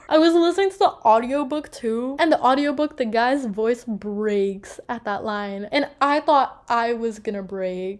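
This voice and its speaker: A young woman chats about a novel she just finished, her voice sitting a little high. She talks in an animated, gushing way and scatters filler words through her sentences. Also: measured pace, hardly any pauses. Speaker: book reviewer. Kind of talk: casual book review chat.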